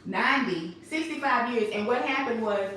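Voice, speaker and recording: A woman hosting a casual recap chat, telling the story with emphatic, animated delivery. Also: on the high side, moderate pace. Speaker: host. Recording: echoey room, mic at a distance.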